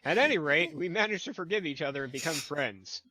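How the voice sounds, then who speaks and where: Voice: medium pitch, animated, fairly quick, pushed and bright, no echo. A reader making wry, dry comments while reading a bad fanfiction aloud with friends. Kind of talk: comedic reading and banter.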